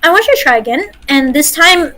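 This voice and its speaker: Woman from Malaysia, high voice, chatty coaching host of an online workshop. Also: animated, pushed and bright, poor audio. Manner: chatty, coaching, gives corrections with quick fillers. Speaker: workshop host and dungeon master. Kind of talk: teaching an online voice-acting workshop.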